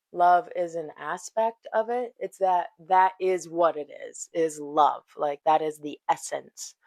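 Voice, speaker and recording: A woman's voice: lowish voice, no room sound. A woman hosting a yoga talk, chatty and loose, cursing and laughing as she tells a story. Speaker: yoga teacher and podcast host. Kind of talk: casual spiritual talk.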